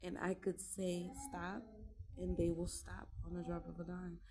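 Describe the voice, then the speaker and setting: A woman's voice: on the low side, monotone, normal speed, noisy background. A young mother talking about raising her children in a casual, emphatic monologue, repeating herself to drive points home.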